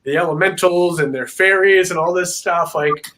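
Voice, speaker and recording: A man as a guest on a video-call interview, telling a story in a rambling, filler-heavy, animated way. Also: high-pitched, normal speed. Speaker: paranormal investigator guest.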